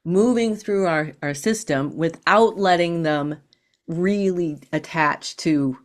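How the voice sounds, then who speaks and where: A woman speaks as a guest in a podcast interview, in a slightly low voice. She explains in a calm, patient, teaching way, and she often stops to restart a sentence. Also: slow pace. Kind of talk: interview conversation.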